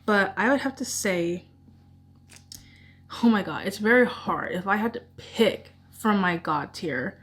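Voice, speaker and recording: A woman's voice: mid-range voice, expressive, a little slow. A woman vlogger chatting casually about her favorite books, gushing and rambling with emotion. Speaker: book vlogger. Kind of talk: casual book chat.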